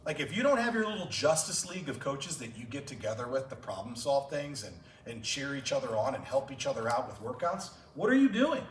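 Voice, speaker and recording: A man's voice: mid-range voice, very animated, fairly quick, few pauses, a little hiss or hum. A man who coaches track and field, telling stories to fellow coaches at a clinic with passion and open emotion. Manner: passionate storytelling, gets emotional. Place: large conference room. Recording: echoey room, voice far from mic.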